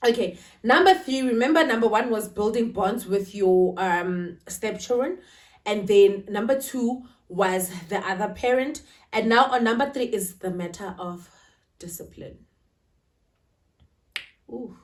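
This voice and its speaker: A woman's voice: medium pitch, unhurried. Emotional woman vlogging in a roomy space. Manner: emotional, confiding, checks in with "right?". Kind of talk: casual talk to camera. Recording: roomy, slightly distant.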